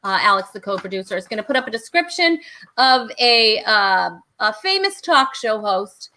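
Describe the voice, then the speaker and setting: A woman's voice: on the high side, big pitch swings, moderate pace, bright, forceful tone. A woman hosting an online comedy talk show and running a trivia game, bubbly and laughing often. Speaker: host.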